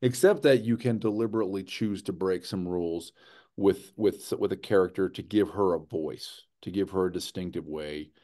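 With a low voice at a normal speed, a man runs a writing workshop like a relaxed lecture. He's animated and often pauses to check in with "right?" or "okay?".

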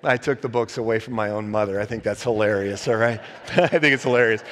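A male pastor preaching a sermon, animated and joking, swinging from quiet asides to loud emphatic points. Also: mid-range voice, brisk, long reverb tail. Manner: joking, laughs at own stories. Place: church sanctuary.

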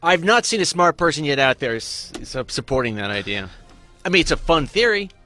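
Calm skeptical man with lively pitch. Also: faint music behind. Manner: calm, skeptical, measured replies. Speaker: podcast co-host. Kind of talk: casual chat.

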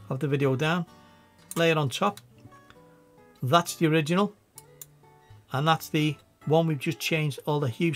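A man with a Scouse accent giving a casual, chatty software tutorial, thinking aloud as he works. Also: fairly high pitch. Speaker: video editing tutor.

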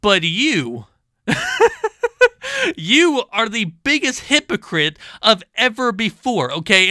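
A channel host rants through a commentary vlog, exasperated and sarcastic, stammering and restarting often. His voice sits high with a sharp tone, and the recording is dry and studio quality.

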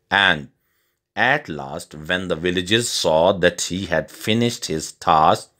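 A man reading a storybook tale aloud as scripted narration for English learners, slow and deliberate. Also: deep voice, fairly bright tone.

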